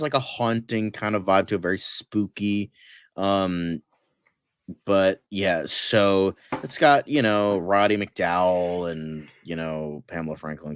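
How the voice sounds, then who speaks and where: A man with a lowish voice talks in a loose, rambling way, full of fillers and casual swearing. He sounds close to the mic in a dry, dead room. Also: clear, resonant tone, no echo. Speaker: podcast co-host. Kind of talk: casual movie chat.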